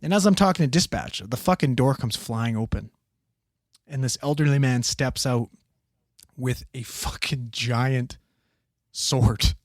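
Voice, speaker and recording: A man's voice: medium pitch, measured pace, pauses often, dry recording, clean studio sound. Swearing man telling a wild story. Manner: profane, animated, acts out quotes. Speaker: podcast co-host telling a story. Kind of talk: casual storytelling chat.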